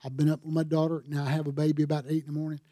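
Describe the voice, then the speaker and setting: A pastor preaching a sermon, telling a story and building to emphatic appeals. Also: male voice, fairly high pitch, little pitch movement, rapid-fire, warm tone, dry recording, clean studio sound.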